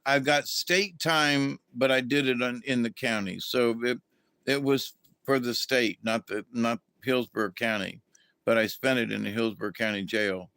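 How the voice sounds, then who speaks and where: A man's voice: medium pitch, steady tone, moderate pace, a bit bright, no room sound. A middle-aged man, telling a rambling, folksy story as a livestream host and greeting viewers along the way. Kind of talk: casual storytelling to a live chat.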